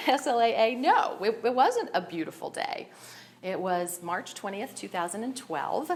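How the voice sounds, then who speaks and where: A woman's voice: mid-range voice, very animated, moderate pace. A woman giving a personal share at a recovery meeting, nervous and emotional, often breaking into laughter as she speaks candidly.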